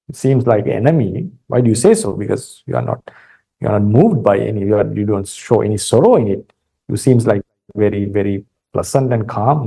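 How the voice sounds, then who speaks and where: A man with a Sri Lankan accent giving a calm Buddhist dharma talk, retelling a story with many fillers and restarts. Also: mid-range voice, a little fast, creaky, breathy edge, low-quality recording. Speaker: Buddhist monk teacher.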